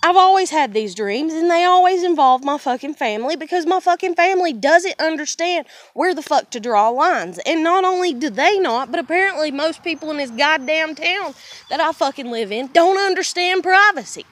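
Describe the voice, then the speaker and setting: A woman's voice: high-pitched, animated, normal speed, fairly bright tone. A young woman from the United States venting bluntly to camera in an emotional personal rant, swearing heavily. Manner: blunt, heavy swearing, fiery. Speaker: vlogger.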